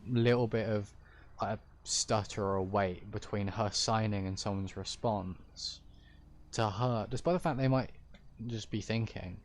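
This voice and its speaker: A man with a deep-ish, fairly low voice talks casually to his stream viewers as a roleplay streamer. He explains things in a rambling, hesitant way, stopping and restarting his thoughts. A faint hiss sits under his voice.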